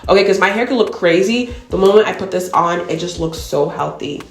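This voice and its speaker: A woman's voice: lowish voice, fairly quick, gravelly, reverberant, faint music behind. A woman beauty vlogger chatting casually to her viewers, calling them y'all. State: tearful, emotional. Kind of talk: casual chat to camera.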